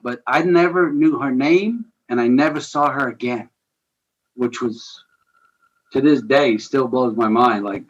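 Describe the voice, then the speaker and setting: In a muffled recording, a man with a mid-range voice guests on a podcast. As a ministry founder, he relates a personal story earnestly and conversationally, with animated retelling and some chuckles.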